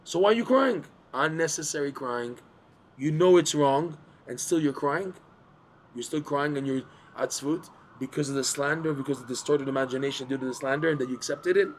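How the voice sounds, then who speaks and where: Male Torah teacher, animated, repetitive delivery, mid pitch, faint background hiss. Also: fairly quick. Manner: animated, repeats words, asks listeners to follow. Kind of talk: Torah class explaining texts.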